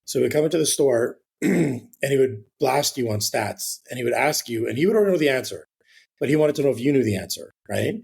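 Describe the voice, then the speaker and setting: A man's voice: mid-range voice, lively intonation, brisk, creaky, a little mellow, slightly rough. A man, a real estate agent guest on an interview podcast, telling a rambling anecdote in a casual way with the odd swear word.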